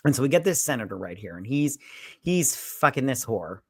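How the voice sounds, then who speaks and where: A woman's voice: extremely low pitch, sing-song, fairly quick, husky, dry recording, studio quality. A woman co-hosting a casual movie review chat, rambling and swearing as she retells scenes and quotes the characters. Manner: rambling, profane, recounts scenes with quoted lines. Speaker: co-host.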